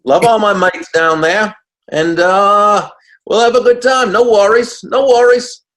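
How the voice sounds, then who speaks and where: Older man doing a jolly, high, loud mock-Aussie mate, cheery greeting. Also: fairly even intonation, unhurried. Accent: mock Australian. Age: 60s. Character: cheery put-on Australian bloke greeting mates.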